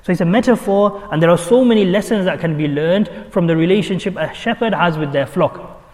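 Man, preacher; high-pitched, animated, rhetorical questions; recorded in a reverberant hall. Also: fairly quick. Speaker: imam. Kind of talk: sermon.

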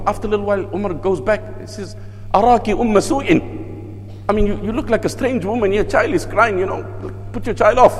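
A male preacher with a high voice tells stories with lively asides, breaking into chanted recitation. A long reverb trails each phrase, as in a large hall. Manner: storytelling, lively asides, mixes in Arabic recitation. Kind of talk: sermon.

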